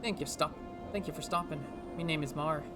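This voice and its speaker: A man's voice: a little high, fairly quick, natural voice. A man voicing a grimy, ragged male beggar with a put-on Scottish-Irish lilt, urgent and pleading over game music.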